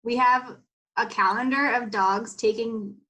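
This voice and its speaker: A woman's voice: a little high, fairly even intonation, a little slow, bright, forceful tone. A woman co-hosting a podcast, chatting casually in an easygoing way, laughing along. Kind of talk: casual chat.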